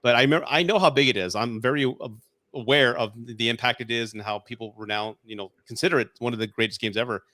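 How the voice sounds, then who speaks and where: A man's voice: medium pitch, fast, pushed and bright, dry recording. A man in his forties, a guest on a casual podcast chat, telling nostalgic stories with many restarts. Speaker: guest reviewer.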